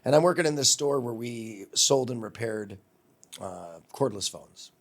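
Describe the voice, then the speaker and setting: A man in his fifties from Wisconsin, a longtime radio host, telling lively stories in an interview and acting out the voices of people he quotes. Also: medium pitch, a little slow, vocal fry. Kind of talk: storytelling interview.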